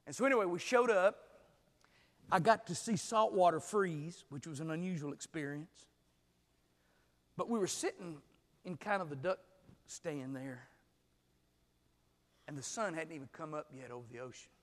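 A man preaching a sermon as pastor, swinging from hushed storytelling to shouted exclamations. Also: fairly high pitch, moderate pace, pauses often, in a large hall.

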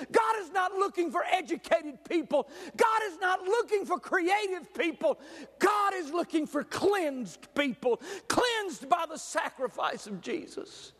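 High-voiced fervent preacher. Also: male voice. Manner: fervent preaching, swings from shouting to near-whispers. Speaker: pastor. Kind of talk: sermon. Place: church sanctuary. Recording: long hall reverb.

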